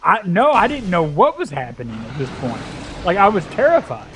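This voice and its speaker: A young man casually telling a long, profane, animated anecdote as a gaming video host. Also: sits high, brisk, faint music behind. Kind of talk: casual storytelling chat.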